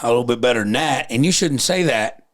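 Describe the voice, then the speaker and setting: Male podcast host, 30s, comedian. Profane, lively storyteller, mid-pitched voice. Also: fast. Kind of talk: casual chat.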